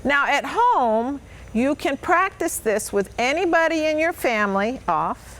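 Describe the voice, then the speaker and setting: A woman's voice: high-pitched, animated, unhurried, a bit bright. A woman dog trainer patiently coaching children, with upbeat, sing-song praise. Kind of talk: hands-on instruction to children.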